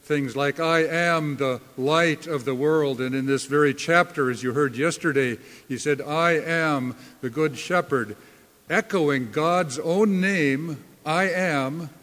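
A man preaching a sermon as a pastor, slow and deliberate, leaning hard on key words. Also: fairly high pitch, fairly bright tone, in a large hall.

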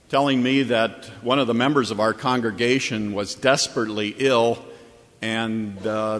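A man's voice: mid-range voice, fairly bright tone, in a large hall. A man preaching a sermon as pastor, telling a story earnestly and building to emphatic, repeated points. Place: church or chapel.

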